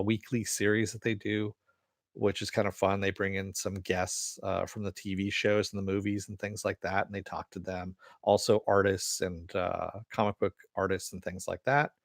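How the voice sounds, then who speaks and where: In a studio-quality recording without echo, a man with a lowish voice hosts a podcast. He reads listener comments and rambles casually through entertainment news, cursing in a laid-back way and laughing frequently.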